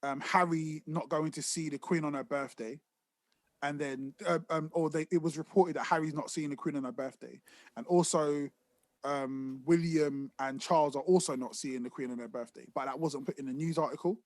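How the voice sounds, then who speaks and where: A man's voice: fairly high pitch, normal speed, no echo. A man co-hosting a podcast, telling stories in casual, swearing chat. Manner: swearing, animated storytelling. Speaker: podcast co-host.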